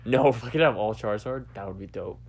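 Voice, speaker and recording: A man's voice: lowish voice, fast, darkish tone, slightly rough. A young man co-hosting a podcast in casual comedic chat, laid-back, saying "dude" and "bro" and laughing easily. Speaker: podcast co-host.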